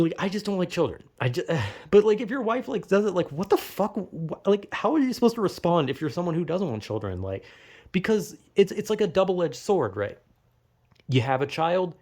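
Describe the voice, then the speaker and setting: A young man in his twenties, with a voice sitting a bit high for a man, rants in a loose, rambling monologue. He swears constantly and keeps a sarcastic edge, circling back on his own sentences. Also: darkish tone. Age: 20s. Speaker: vlogger. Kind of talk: casual monologue rant.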